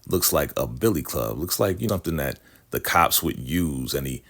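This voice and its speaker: Deep-voiced man recapping a TV episode. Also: expressive, moderate pace, a bit bright. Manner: chatty, keeps asking "right?", acts out quotes. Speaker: show recapper.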